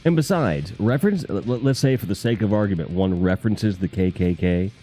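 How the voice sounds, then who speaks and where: A man's voice: lowish voice, expressive, a little fast, dark tone, soft background music. A man from the Northeast US, hosting a casual live stream, reading chat comments in a rambling, profane, jokey way.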